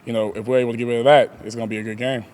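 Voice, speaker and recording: Fast-talking young football player, laughing. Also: male voice, mid-range voice, flat delivery, a little mellow. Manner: easygoing, laughs often, leans on "like" and "you know". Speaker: pro football player at a press availability. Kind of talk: casual press interview answers.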